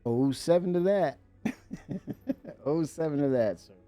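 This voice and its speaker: A man hosting a livestream in casual chat, excitable and rambling, laughing often and filling pauses with "uh". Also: fairly high pitch, soft background music. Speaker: livestream host.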